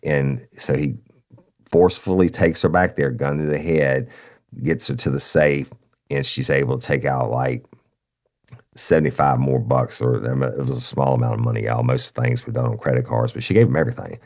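A former police officer hosting a podcast, telling a crime story in a blunt, profane, emphatic way. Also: male voice, a bass voice, normal speed, darkish tone. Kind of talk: casual true-crime storytelling.

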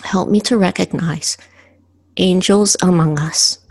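A woman podcast host reading her own poems aloud in a slow, earnest way with pauses. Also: lowish voice, a little mellow, breathy edge.

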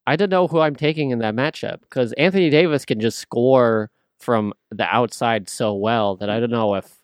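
A man co-hosting a casual sports podcast, relaxed and analytical, running through the numbers. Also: mid-range voice, moderate pace, no echo, studio quality. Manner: analytical, relaxed, cites stats. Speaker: podcast co-host.

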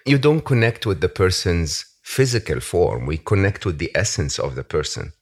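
A man's voice: low voice, lively intonation, moderate pace. A man hosting a podcast interview, talking in an earnest, reflective way and laughing easily. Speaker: podcast host. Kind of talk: casual interview chat.

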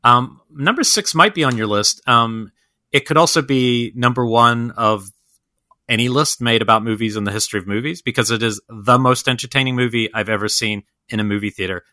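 A man's voice: medium pitch, a little fast, sharp tone, no echo. A man co-hosting a podcast in casual film chat. He talks enthusiastically and rambles with lots of fillers and restarts. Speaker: podcast co-host.

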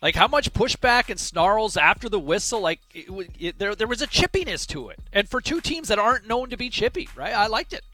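A man's voice: sits high, sing-song, fairly quick, few pauses, sharp tone. A man co-hosting a sports talk show, chatting casually and animatedly, often repeating words as he starts a thought. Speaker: sports radio co-host.

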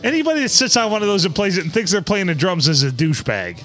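A man co-hosting a podcast, joking loudly in crude casual banter. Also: sits high, fast, faint music behind. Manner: loud, joking, animated. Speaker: podcast co-host.

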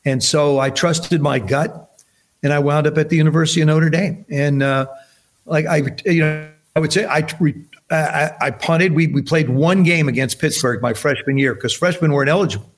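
Man, 70s, from New Jersey, podcast guest, animated storyteller, slightly raised pitch. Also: normal speed. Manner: animated storyteller acting out quoted dialogue. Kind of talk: casual storytelling chat.

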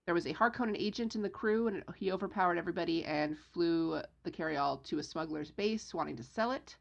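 A woman with a low, gravelly voice talks through a book recap in a relaxed, chatty way. She drops into quick quoted lines for the characters as she retells the plot, then goes back to her everyday voice. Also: dull audio. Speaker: podcast co-host recapping a novel. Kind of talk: casual book discussion chat.

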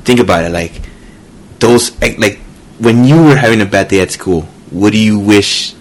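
A man's voice: lowish voice, normal speed. A man talking casually as a podcast guest, rambling with lots of filler words. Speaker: podcast guest, host's younger brother. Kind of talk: casual chat.

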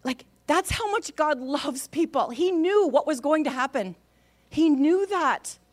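Woman, middle-aged, somewhat high voice, animated testimony storytelling. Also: normal speed. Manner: animated, expressive storytelling with gasps and laughs.

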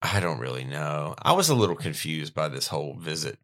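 A man co-hosting a podcast, casually retelling a book chapter in an animated way, with lots of "like". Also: a bass voice, fairly quick. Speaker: podcast co-host. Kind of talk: casual book-discussion chat.

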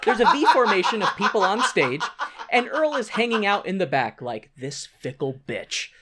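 A man recaps a theater production for his co-host in a casual podcast chat. His voice is animated and swings widely in pitch. He jokes and laughs often along the way. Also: a little fast, heavy background noise. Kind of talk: casual recap of a stage show.

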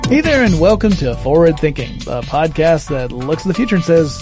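A man's voice: on the high side, sing-song, fairly quick, music in the background. A man co-hosting a podcast, chatting casually in a joking, rambling way with restarts. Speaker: podcast co-host. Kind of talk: casual chat.

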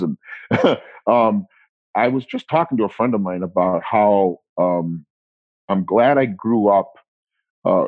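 A man in his forties talking casually as an interview guest, rambling and self-deprecating, quick to laugh. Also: on the low side, no echo, phone-quality sound. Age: 40s.

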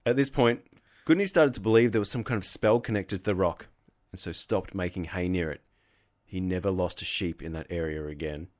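A man hosts a comedy podcast and reads a folklore story aloud in an even, measured way. His voice sits on the low side. He breaks off now and then to trade jokes with his co-hosts. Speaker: podcast host.

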